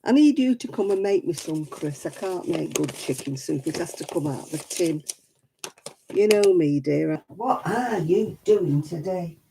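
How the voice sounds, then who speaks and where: A woman's voice: lowish voice, expressive, unhurried, creaky, dark tone, slight background noise, rough recording. A woman hosting a casual crafting livestream, chatting to viewers by name in a self-deprecating way.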